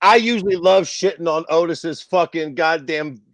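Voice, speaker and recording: A man's voice: on the high side, moderate pace, a little hiss or hum. A man co-hosting a podcast in casual chat, brash and profane, a self-described contrarian. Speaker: podcast co-host.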